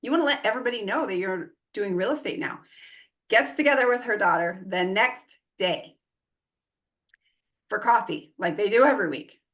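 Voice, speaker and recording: A woman in her forties chatting on an interview podcast, her voice pitched in the middle range. She tells stories with energy and acts out the dialogue of the people in them. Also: moderate pace. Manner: animated, acts out quoted dialogue. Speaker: guest real estate investor and coach. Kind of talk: casual interview storytelling.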